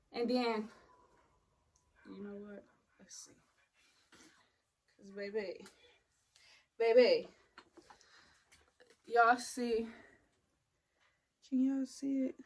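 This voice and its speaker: A woman's voice: a little high, rough recording. A young woman, casually telling the story of a painful hospital stay, blunt and profane, acting out the other people in it.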